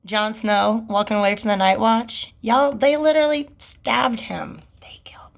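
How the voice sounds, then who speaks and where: A woman giving a casual tarot reading in a chatty, slangy, animated way. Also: fairly high pitch, moderate pace, vocal fry. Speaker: tarot reader.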